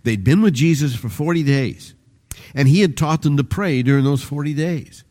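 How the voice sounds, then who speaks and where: Older male pastor, warm low-bright tone, chatty sermon delivery with shifting emphasis. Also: normal speed. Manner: rambling, conversational, with restarts and varied emphasis.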